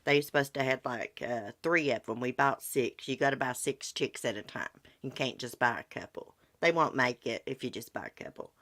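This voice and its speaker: A woman's voice: a bass voice, moderate pace, hardly any pauses, a bit bright, no room sound. A middle-aged woman hosting a livestream, ranting heatedly in folksy casual talk and answering viewer comments. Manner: heated, indignant, folksy rural talk with swearing. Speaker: livestream host.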